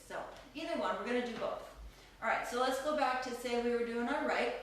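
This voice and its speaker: A woman's voice: a little high, brisk, few pauses, slight background noise. Woman counting beats in an echoey studio. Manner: counts beats aloud, laughs often, chatty. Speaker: belly dance teacher. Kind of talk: live online dance class instruction. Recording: echoey room, distant from mic.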